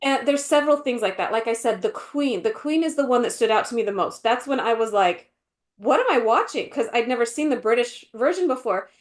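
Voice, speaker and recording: Animated woman chatting on a podcast. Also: fairly high pitch, brisk, hardly any pauses. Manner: animated, acts out quotes in voices, many fillers. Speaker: podcast co-host. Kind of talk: casual chat.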